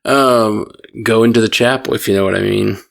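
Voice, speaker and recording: A man's voice: fairly low pitch, steady tone, normal speed, creaky, fairly bright tone. A man co-hosting a podcast, talking casually, agreeing easily and stumbling over his restarts. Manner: stammering restarts, easygoing agreement. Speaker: podcast co-host. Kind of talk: casual chat.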